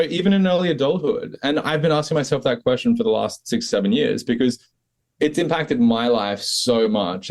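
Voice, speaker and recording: A man with an Australian accent, talking casually as a podcast guest about his work. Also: medium pitch. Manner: relaxed, conversational, many "like" and "kind of". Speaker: podcast guest, breathwork coach. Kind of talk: casual interview talk.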